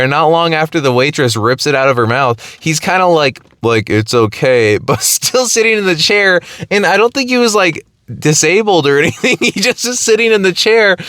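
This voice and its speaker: A young man telling a rambling comedic story, animated and often laughing, full of "like" and restarts. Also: mid-range voice, no echo, clean studio sound. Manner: heavy use of "like", frequent restarts. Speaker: streamer.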